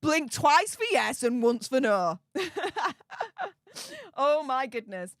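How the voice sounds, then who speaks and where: A woman, reading and reacting to live chat, chatty and exclamatory, quick to laugh. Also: a little high, expressive, clear, resonant tone, no room sound, clean studio sound. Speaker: livestream commentator.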